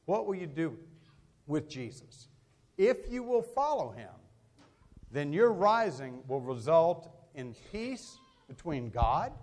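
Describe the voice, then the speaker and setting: A pastor with a slightly high voice preaches a sermon, telling stories with animation and acting out the voices of the people in them.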